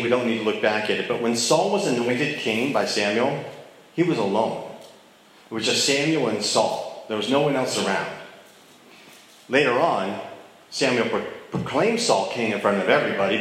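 A man's voice: medium pitch, a bit bright. A man teaching a casual Bible study, talking conversationally and checking in with his listeners. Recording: very echoey room.

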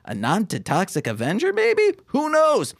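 Podcast co-host, jokey recap reader, very animated intonation. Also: medium pitch, normal speed, vocal fry. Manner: lively, jokey, reads prepared recaps. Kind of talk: casual chat about comics.

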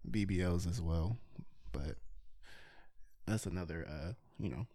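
A man's voice: low voice, unhurried, warm tone. A young man co-hosting a podcast in casual chat, easygoing and teasing, reading questions aloud. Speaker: podcast co-host.

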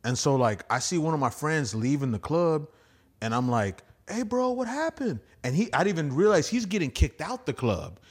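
Young man, comic, casual podcast guest, profane, animated storytelling. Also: mid-range voice, a little fast, husky. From Houston area. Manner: rambling, profane, animated retelling with laughs.

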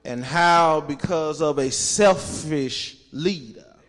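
A pastor preaches a sermon in a church sanctuary, reading scripture and calling for the congregation's response, his call-and-response preaching rising to shouts. His voice is on the high side and he takes it slowly. The recording carries the reverb of the church hall.

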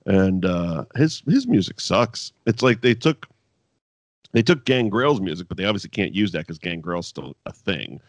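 A man's voice: sits low, sing-song, normal speed, dry recording. A man co-hosting a casual chat podcast reviewing wrestling, swearing freely and breaking into mock voices.

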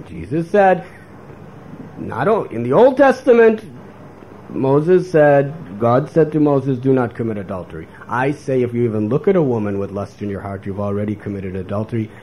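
A man's voice: medium pitch, rough recording. A man giving a spiritual lecture, delivering it as a sermon and acting out the voices of the people he quotes. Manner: animated, acts out quoted voices. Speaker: spiritual teacher. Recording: faint background noise.

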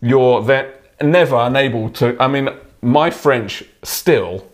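A man in casual podcast chat, his voice a touch hoarse. He talks in a halting way, restarting sentences and laughing between thoughts, at an ordinary middle pitch. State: slightly hoarse throat. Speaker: podcast co-host.

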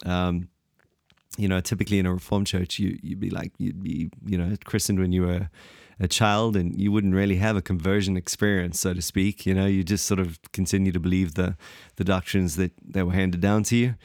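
A man's voice: deep voice, little pitch movement, brisk, a little mellow, dry recording, studio quality. A man in a casual theological discussion, talking in a rambling, hesitant way with many fillers.

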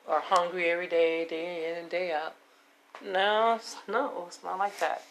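A woman in her fifties with a hoarse voice, rambling and repeating herself as she talks to her viewers about taking care of herself. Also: on the low side, moderate pace, a little hiss or hum. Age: 50s. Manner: rambling, repetitive, self-affirming. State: hoarse, voice giving out. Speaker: vlogger. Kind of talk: casual personal monologue.

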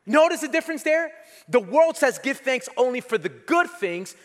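Pastor, man, high voice, emphatic sermon delivery, long church-hall reverb. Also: big pitch swings, normal speed. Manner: emphatic preaching, repeats key phrases, leads the congregation.

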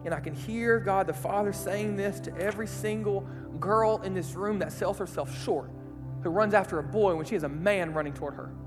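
A man's voice: high voice, brisk. A man preaching a sermon to young people, casual and emphatic, with slang and rhetorical questions. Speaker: pastor. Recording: echoey hall, faint music behind.

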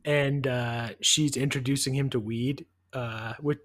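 A podcast co-host with an ordinary mid-pitched male voice. He talks casually and enthusiastically, stringing thoughts together with plenty of fillers. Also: fairly even intonation, a little slow. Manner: rambling, many fillers, enthusiastic. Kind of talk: casual chat.

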